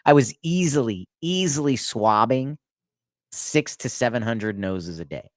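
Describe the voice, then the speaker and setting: A man telling stories about his past work in a casual chat, animated and laughing often. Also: measured pace, no echo. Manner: animated, laughs often, acts out inmates in a loud high voice. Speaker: podcast guest. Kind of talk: casual storytelling.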